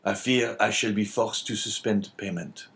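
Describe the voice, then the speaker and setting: A man's voice: lowish voice, normal speed, fairly bright tone. A man reading an audiobook, voicing a dignified, mournful merchant facing ruin in a grave, sorrowful manner.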